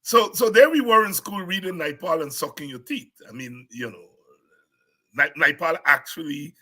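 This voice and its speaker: Husky, sharp-toned male host. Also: on the high side, poor audio. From Guyana. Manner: halting, with many restarts and soft chuckles. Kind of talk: reflective political commentary.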